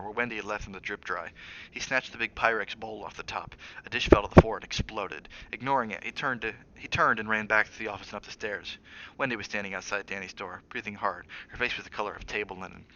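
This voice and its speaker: A man's voice: fairly low pitch, fast, bright, forceful tone. A man streaming a dramatic read-aloud of a novel, with asides to his viewers. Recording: dull lo-fi mic with faint hiss.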